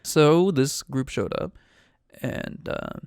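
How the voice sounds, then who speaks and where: A man's voice: on the high side, slow, darkish tone, smooth, dry recording, studio quality. A man acting as game master, giving a rambling, profane, offhand recap of a tabletop game.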